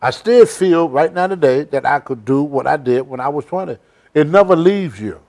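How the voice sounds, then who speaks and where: A man's voice: on the high side, expressive, moderate pace, a little mellow. An older man hosting a casual interview, telling blunt, rambling stories in a folksy way. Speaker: host. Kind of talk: casual storytelling chat.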